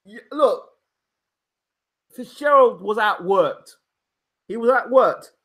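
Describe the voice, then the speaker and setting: With a very high, slightly bright voice, a man hosts casual live boxing commentary, slow but animated. As a pundit and channel host, he is emphatic and opinionated and keeps restating his points. The audio-only recording comes from a home microphone.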